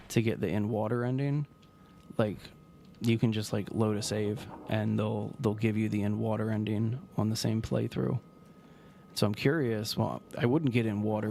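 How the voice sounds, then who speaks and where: A man's voice: on the low side, vocal fry, a little hiss or hum. A man streaming a video game, talking casually and rambling as he plays. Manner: rambling, relaxed, trails off mid-sentence. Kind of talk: casual gameplay commentary.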